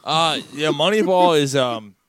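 A man's voice: fairly high pitch, animated, measured pace, dry recording. A man co-hosting a casual podcast chat, joking, swearing and tripping over his words. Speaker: podcast co-host.

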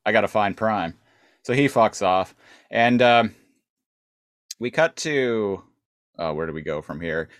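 Low-voiced man recapping a cartoon casually. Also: expressive, takes it slowly, pauses often, no echo, studio quality. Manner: rambling, many fillers and restarts, swears. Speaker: podcast co-host.

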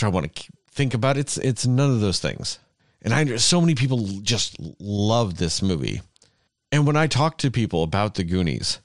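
Podcast co-host, man, lowish voice that swings a lot, dry close sound. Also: dry recording. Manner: emphatic, sardonic, lively. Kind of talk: casual film review chat.

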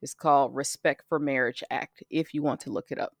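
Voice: medium pitch, fairly even intonation, fairly quick, no echo. Chatty, dry-sounding podcast co-host. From United States. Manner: chatty, trails off and restarts. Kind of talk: casual chat.

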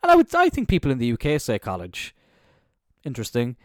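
An Irish man, a young adult, hosting a casual solo podcast in an animated, jokey way with plenty of swearing. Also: medium pitch, fairly quick, dry recording, studio quality. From Ireland. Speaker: podcast host.

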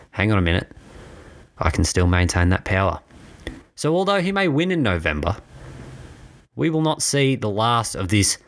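A man with an Australian accent hosting his own podcast, passionate and blunt, sometimes a little out of breath as he rants. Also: lowish voice. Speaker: podcast host. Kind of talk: opinionated political podcast rant. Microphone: own home podcast mic.

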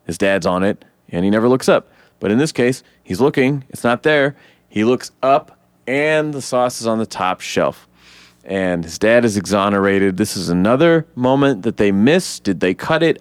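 A man co-hosting a casual podcast, retelling a film scene by scene with lively acted-out quotes and frequent swearing. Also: clear, resonant tone, no room sound. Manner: animated retelling, acts out quotes in high voices; swears freely. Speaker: podcast co-host. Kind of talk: casual movie breakdown chat.

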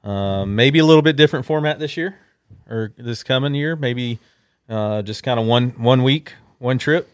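Man, podcast host, relaxed joking chat, middle pitch, dry sound. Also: moderate pace, smooth, no room sound. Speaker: podcast host, fishing trip organizer. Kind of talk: casual chat.

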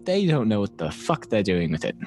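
Man, player, tabletop game, low voice, lively, swears, faint music. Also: a little fast. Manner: animated, swears casually. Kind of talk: casual tabletop play.

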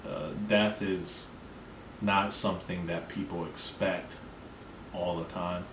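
A man with a fairly low voice rambles through a casual solo podcast, brash and full of swearing. He sits some way back from the microphone in a roomy, echoing space with a faint hiss underneath. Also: level tone, slow, fairly bright tone. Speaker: podcast host. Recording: echoey room, mic at a distance, faint background noise.

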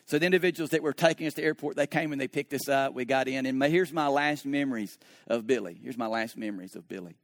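A male pastor delivering a sermon in a slightly high voice. He tells his story with feeling, dropping to a hush and then rising to an animated pitch. The sound is dry and close, with no room echo. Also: fairly quick. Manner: storytelling, swinging from hushed to animated.

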